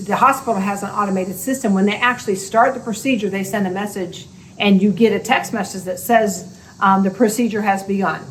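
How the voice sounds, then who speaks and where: A middle-aged woman, a homestead channel co-host, chatting casually through a hospital story with quick asides. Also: mid-range voice, slight background noise, low-quality recording. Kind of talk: casual recovery story vlog.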